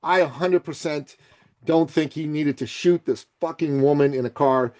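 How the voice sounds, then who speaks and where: A man born in Iran, speaking without an accent as a podcast guest, blunt and forceful, swearing freely and swinging between loud outbursts and quiet remarks. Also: a little high, moderate pace. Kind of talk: forceful opinionated interview talk.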